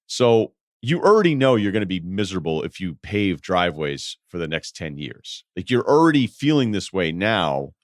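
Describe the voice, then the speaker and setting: Low voiced guy riffing life advice on a podcast, swears a lot, dry mic. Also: sing-song, moderate pace, hardly any pauses, dry recording. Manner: rambling, blunt, swears freely. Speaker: podcast host giving advice.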